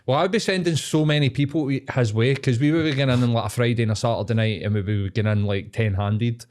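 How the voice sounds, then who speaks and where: A man's voice: medium pitch, fast, a little mellow. A middle-aged Scottish man co-hosting a podcast, chatting in a laid-back, sweary, rambling way. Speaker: podcast co-host. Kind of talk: casual chat.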